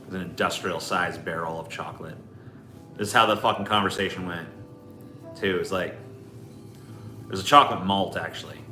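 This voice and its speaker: A man holds forth on his livestream, blunt and rambling, swearing freely as he goes. His voice sits a little low but has a sharp, forceful edge. The room is echoey, with faint music playing underneath. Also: steady tone, a little fast. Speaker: livestream host. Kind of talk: casual stream chat.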